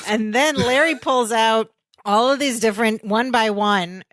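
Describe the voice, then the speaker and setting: A woman's voice: fairly high pitch, measured pace, a bit bright, no room sound. A woman co-hosting a podcast, chatting through sitcom scenes and finishing her co-host's sentences. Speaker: podcast co-host. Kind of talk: casual recap chat.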